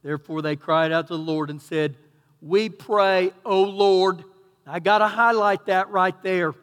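Texan male pastor, high-pitched, loud-to-quiet preaching, church reverb. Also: moderate pace. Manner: preaching with swings from loud emphatic bursts to quiet asides. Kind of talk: sermon. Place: church sanctuary.

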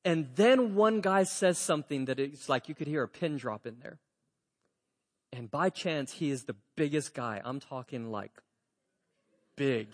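A man preaching to his congregation and telling a story with lively acted-out dialogue. His voice sits high for a man. The sound rings with the long reverb of a church sanctuary. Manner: animated storyteller, acts out dialogue. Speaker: pastor. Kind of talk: storytelling sermon.

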